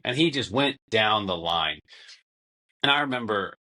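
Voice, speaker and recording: A man's voice: on the low side, expressive, a little slow, bright, forceful tone. A young man, a former basketball player, talking casually as a podcast guest and telling long-winded stories in which he acts out quotes. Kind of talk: casual conversation.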